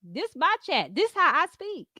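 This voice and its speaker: A woman's voice: sits high, sing-song, measured pace, bright, forceful tone, no room sound, studio quality. A woman hosting a livestream, ranting in a profane, combative way and answering her chat in casual speech. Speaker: livestream host. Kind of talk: heated casual commentary.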